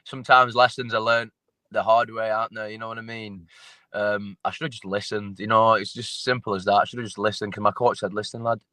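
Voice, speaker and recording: A man's voice: fairly low pitch, flat delivery, brisk, sharp tone, no room sound. A man, a fighter talking casually as an interview guest, blunt and sweary, often repeating himself. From England.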